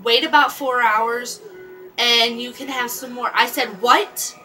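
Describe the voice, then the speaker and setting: A woman telling a personal story in a casual vlog, halting often and restarting her sentences with lots of fillers. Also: a little high, steady tone, sharp tone, faint music behind, low-quality recording. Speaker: vlogger.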